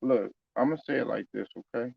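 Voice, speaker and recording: A man's voice: medium pitch, fast talker, vocal fry, breathy edge, dry recording, lo-fi sound. A man talking casually about basketball, loose and conversational, with many fillers and restarts. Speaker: sports commentator. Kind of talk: casual basketball opinion talk.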